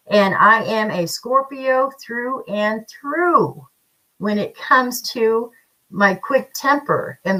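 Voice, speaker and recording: A woman's voice: mid-range voice, bright, forceful tone, low-quality recording. Woman livestream host, blunt, chatty, feisty. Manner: chatty, reads viewer comments, feisty and blunt. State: slight cough from paint fumes. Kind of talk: casual livestream chat.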